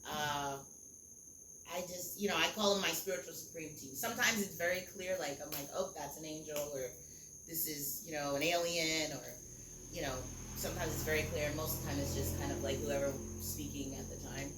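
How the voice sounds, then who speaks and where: A woman's voice: low-pitched, steady tone, fairly quick. A young woman, a singer, talking candidly and ramblingly as a podcast guest, with many fillers and casual swearing. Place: Costa Rica, outdoors or open room with crickets. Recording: echoey room with loud cricket noise.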